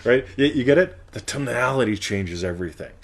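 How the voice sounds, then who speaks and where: A man's voice: mid-range voice, lively intonation, a little fast. A man hosting a live question-and-answer show, chatting playfully, laughing often and tagging his points with "right?". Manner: slips into silly character voices. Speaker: host of live Q&A. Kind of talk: casual coaching talk.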